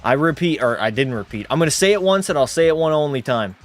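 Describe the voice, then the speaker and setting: A man's voice: on the high side, expressive, quick pace, faint music behind. A man hosting a livestream watch party, giving casual commentary and joking, swearing, and bantering with his chat. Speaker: livestream host.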